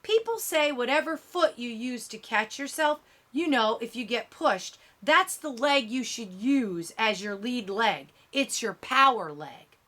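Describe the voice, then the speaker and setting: A woman's voice: fairly high pitch, lively intonation, a little slow, few pauses, bright, forceful tone. A woman voicing a confident teenage girl on a track team, matter-of-fact and instructive. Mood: explaining.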